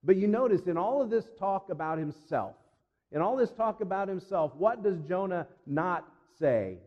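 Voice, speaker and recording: A man preaching a sermon in an earnest, emphatic way, repeating phrases and slowing down for weight. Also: high-pitched, expressive. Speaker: pastor. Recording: dull sound with long reverb.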